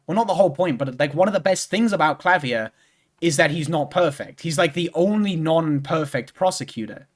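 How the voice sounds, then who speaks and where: A young man talking casually over a game stream, his voice sitting a little higher than most men's. He rambles and loops back on himself, filling gaps with lots of "like" and "um". He swears offhandedly as he goes. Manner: rambling, full of "like" and restarts, swears freely. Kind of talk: casual chat while playing a game.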